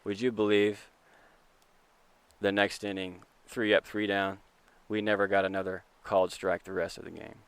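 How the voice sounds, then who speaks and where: A middle-aged man, a podcast co-host, telling a story in casual chat and acting out the quotes with a lively, profane rant. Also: on the low side, moderate pace, clear, resonant tone, no room sound. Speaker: podcast co-host, assistant youth baseball coach.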